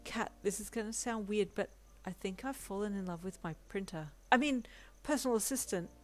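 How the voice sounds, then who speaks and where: A woman voicing a cheerful, bashful young male hero who talks softly and eagerly, in a storybook reading. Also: mid-range voice, a little fast, close to an everyday voice. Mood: affectionate. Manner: soft, eager and sweet.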